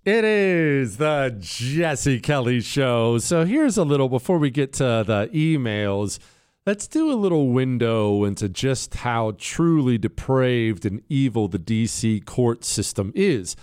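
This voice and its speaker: A man's voice: medium pitch, animated, a little slow, a little mellow, clean tone. A man hosting a talk radio show, delivering an opinionated monologue in a combative, sarcastic way.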